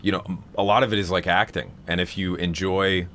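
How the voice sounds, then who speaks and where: Low-voiced man rambling on a live stream. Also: steady tone, a little fast, a bit bright, slight background noise. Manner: rambling, many fillers and restarts. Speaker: streamer hosting a vocal seminar. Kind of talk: casual live-stream chat.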